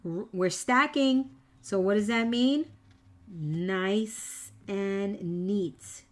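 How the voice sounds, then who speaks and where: Slow-talking woman teaching a papercraft class. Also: mid-range voice. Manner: chatty, teasing, repeats instructions. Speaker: papercraft tutorial host. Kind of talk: live-stream craft tutorial.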